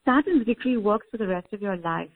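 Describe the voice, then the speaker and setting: A woman guiding callers on a call-in show, explaining spiritual ideas in a measured way. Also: mid-range voice, expressive. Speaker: spiritual guide and co-host. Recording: tinny phone-line audio.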